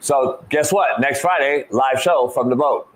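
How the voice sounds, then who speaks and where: A man's voice: mid-range voice, measured pace. A man hosting a podcast, telling a story in casual chat, swearing freely and calling people "homie". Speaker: podcast host.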